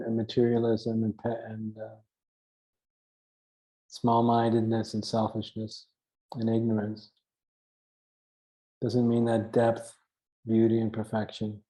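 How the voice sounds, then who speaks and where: Man, spiritual teacher, earnest, emphatic, mellow dark tone, monotone delivery. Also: fairly low pitch, poor audio. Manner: earnest, emphatic, repeats phrases for stress; self-mocking chuckles now and then.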